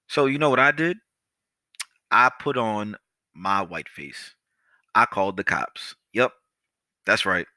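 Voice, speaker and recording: A young man hosting a podcast, telling a story in a casual, animated, profane way and talking straight to his listeners. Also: lowish voice, no echo. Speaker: podcast host.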